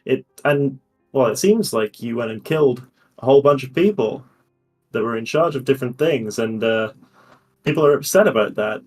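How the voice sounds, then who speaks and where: Male player, measured and hesitant, mid voice, faint music. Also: mid-range voice, animated, far from the mic. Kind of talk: in-character tabletop role-play.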